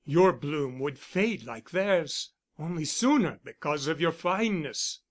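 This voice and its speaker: A man's voice: on the high side, lively intonation, unhurried. A man reading the part of a persuasive, insistent suitor who speaks with urgent, coaxing force.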